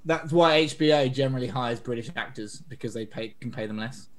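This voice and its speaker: A man co-hosting a podcast in casual chat, excitable and quick to burst in. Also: medium pitch. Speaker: podcast co-host.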